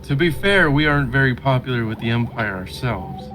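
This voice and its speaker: A man's voice: mid-range voice, animated, a little fast, fairly bright tone, low-quality recording. A man speaking as his character in a tabletop role-play, dry and wry. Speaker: player.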